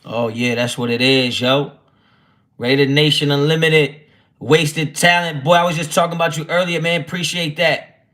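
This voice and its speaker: Man, livestream host, brash and profane, bright forceful voice, slightly high. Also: fairly even intonation, normal speed. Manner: brash, profane, reads chat aloud. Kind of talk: casual livestream chat.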